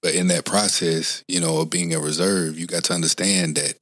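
A man's voice: sits low, level tone, fairly quick, fairly bright tone, dry recording. A man in his forties, a former Marine, talking earnestly in an interview, rambling with frequent restarts. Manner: earnest, rambling, frequent restarts and "you know what I'm saying". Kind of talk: casual interview talk.

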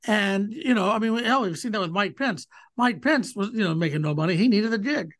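A man's voice: high voice, animated, a little fast, fairly bright tone. Rambling man in his sixties. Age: 60s. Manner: rambling, hesitant, many fillers. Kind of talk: casual political chat.

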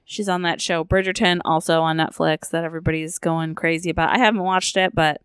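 A woman's voice: low voice, steady tone, fairly quick, clean tone, dry recording, clean studio sound. A woman co-hosting a podcast in casual chat, giggly and teasing. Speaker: podcast co-host.

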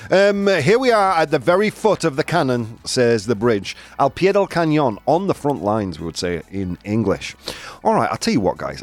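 A chatty male host fronting a live morning talk show, his pitch sitting in the middle yet leaping around constantly as he jokes with his co-host and audience. He talks casually and playfully, leaning hard on words for effect. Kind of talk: casual bilingual chat show hosting.

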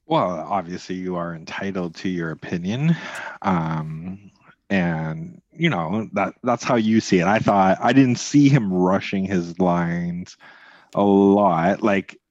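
A man co-hosting a film podcast, easygoing and measured in casual chat. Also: low-pitched, darkish tone, no room sound, highs cut off. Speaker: podcast co-host.

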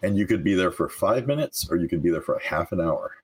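A man talking as a life coach guest in a casual interview, earnest and animated, laughing often. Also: sits low, fast, slightly rough, rough recording.

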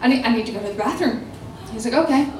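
A young adult woman telling a personal story in casual chat, animated and dramatic, acting out quotes with laughing asides. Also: a little high, very fast, distant mic, a little hiss or hum. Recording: echoey room, voice off-mic.

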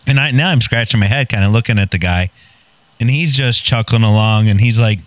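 A podcast guest, male, tells a long story in a casual way, blunt, profane, and quick to mock himself. His voice leans low and his pace is brisk, with no echo on the recording.

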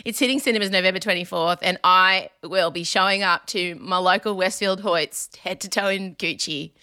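A woman co-hosting a podcast in casual chat, animated and joking, slipping into mock voices for laughs. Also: fairly low pitch, normal speed, smooth. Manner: animated, puts on mock accents for jokes. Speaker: podcast co-host.

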